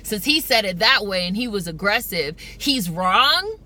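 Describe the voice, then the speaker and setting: An American woman in a car, ranting in an emphatic, profane, fast-talking way for her vlog. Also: mid-range voice, expressive, bright, forceful tone. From United States. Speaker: vlogger.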